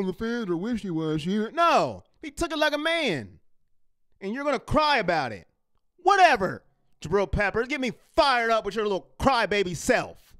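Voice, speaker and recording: With a high, slightly bright, clean-toned voice, a man hosts a live sports fan show, ranting heatedly and reading viewer comments. He's fired up and emphatic, repeating lines for effect.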